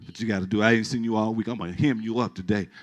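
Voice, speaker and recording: A middle-aged man preaching a sermon as pastor, animated and emphatic, restarting and repeating words and joking with his congregation. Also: on the low side, very fast.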